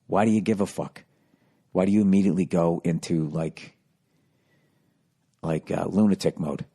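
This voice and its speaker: A man hosting a comedy podcast, telling a profane, self-mocking story that swings from low mumbling to loud outbursts. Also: normal speed, breathy edge. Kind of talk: casual storytelling monologue.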